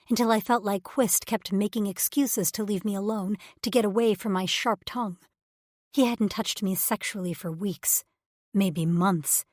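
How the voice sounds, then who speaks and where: A woman's voice: medium pitch, no echo, studio quality. A woman reading a first-person romance audiobook in an intimate, emotive way. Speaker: audiobook narrator.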